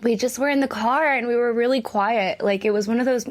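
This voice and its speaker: A woman's voice: fairly high pitch, a little fast. A woman co-hosting a podcast, telling her own story in a candid, blunt way with frequent laughter. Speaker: podcast co-host. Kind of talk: casual chat.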